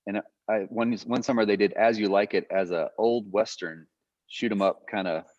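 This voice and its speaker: A man's voice: fairly low pitch, fairly even intonation, moderate pace, darkish tone, dry recording. A man giving a guest lecture in a loose, conversational way, thinking aloud with frequent fillers. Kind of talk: conversational teaching. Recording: muffled lo-fi audio.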